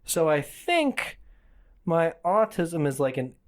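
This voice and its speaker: A man's voice: a little high, very animated, slow. A young man co-hosting a comedy podcast, rambling and self-mocking in casual chat. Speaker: podcast co-host.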